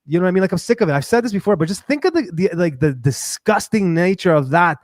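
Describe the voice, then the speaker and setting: A man hosting his own livestream, talking in a rambling, animated way, full of fillers and restarts. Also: high voice, fast talker, few pauses, no room sound, studio quality. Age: adult with a daughter. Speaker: livestream host. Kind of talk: casual livestream monologue.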